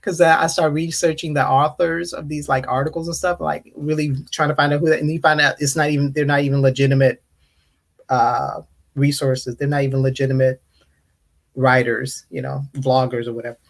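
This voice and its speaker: A livestream host, slightly tipsy from wine, talking casually with viewers in an open panel and acting out stories with lively mimicry. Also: mid-range voice, brisk, gravelly. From United States. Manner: animated storytelling, acts out others' rude questions in mocking voices. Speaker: host of a live online discussion panel. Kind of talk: casual livestream chat, greeting and answering viewers.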